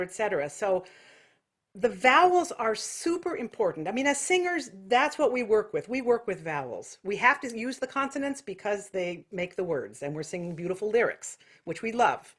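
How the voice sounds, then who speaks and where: An American woman teaching an online singing lesson, explaining technique and breaking into loud nasal vocal exercises. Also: mid-range voice, lively intonation, brisk. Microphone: video call.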